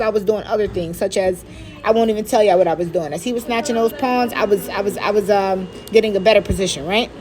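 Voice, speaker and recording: A woman talking casually through one of her own chess games, excited and repeating herself for emphasis. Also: fairly high pitch. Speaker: chess player. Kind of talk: casual chess vlog commentary.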